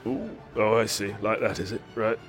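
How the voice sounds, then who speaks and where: A man's voice: lowish voice, fairly even intonation, normal speed. A man chatting through a game stream, rambling and whimsical, a bit ill and hyper. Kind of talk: casual live-stream commentary. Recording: faint game music behind.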